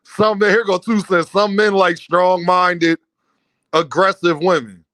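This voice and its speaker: High-voiced man trash-talking on a stream. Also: steady tone, unhurried, pushed and bright, no echo. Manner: teasing, trash-talking, laughing often. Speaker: livestream host. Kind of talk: casual livestream banter.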